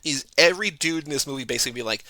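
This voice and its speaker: Man, podcast co-host, casual movie chat, very bright tone, dry close sound. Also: a little high, lively intonation, very fast, dry recording, poor audio. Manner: chatty, heavy use of "like", sarcastic asides.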